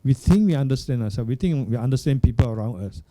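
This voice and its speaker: Older male monk, dharma talk, extremely dark and warm timbre, measured halting delivery. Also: medium pitch, animated. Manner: unhurried, searching for words, checks in with "hmm?" and "yeah?". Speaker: Buddhist monk teacher. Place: Buddhist centre hall.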